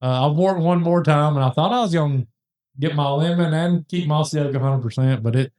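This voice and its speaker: Man, casual podcast storyteller, rambling and animated, slightly high voice, very echoey room. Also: brisk. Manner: rambling, animated, many restarts and asides. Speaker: podcast host telling a hunting story.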